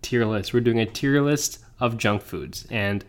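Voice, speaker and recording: A man of ordinary pitch co-hosting a podcast in relaxed, rambling chat. He jokes a lot and laughs easily, with loose, meandering sentences. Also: unhurried. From Canada. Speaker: podcast co-host. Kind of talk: casual chat.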